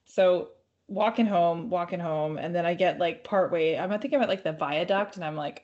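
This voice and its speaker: A woman's voice: on the low side, brisk, a little mellow, highs cut off. A woman co-hosting a podcast from home, telling a story in a rambling, casual way and swearing freely. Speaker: podcast co-host.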